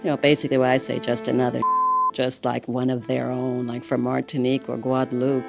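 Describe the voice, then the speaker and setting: A woman's voice: extremely low pitch, a little fast, creaky, over loud music. An American woman from Brooklyn, interviewed about her life, telling stories candidly and laughing often. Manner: animated storytelling, laughs often.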